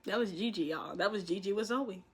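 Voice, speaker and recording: A woman's voice: medium pitch, fairly quick, breathy edge. A young woman casually recapping a reality show, telling the story with lots of laughter and acted-out quotes. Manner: animated storytelling, acting out quotes, frequent laughter. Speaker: commentary vlogger.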